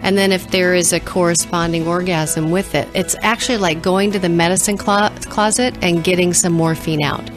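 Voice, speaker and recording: A woman with a slightly low voice co-hosts a call-in radio show and explains in a measured, steady way. Faint music sits behind her. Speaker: co-host, therapist.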